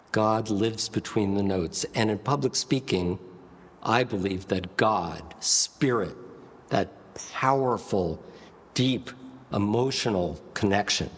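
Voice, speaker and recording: A man teaching public speaking to camera, with a demonstrative, deliberate delivery that shifts pace and pitch and leans on pauses. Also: breathy edge, long reverb tail. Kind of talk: instructive talk to camera.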